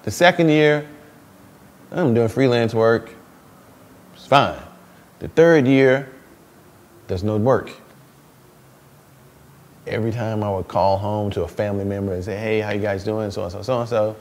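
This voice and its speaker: A man in his thirties, a stay-at-home dad as an interview guest, telling stories in a lively way with frequent laughs and repeated words. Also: lowish voice, unhurried, pauses often. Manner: animated storytelling, laughs often, repeats words. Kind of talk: casual interview talk.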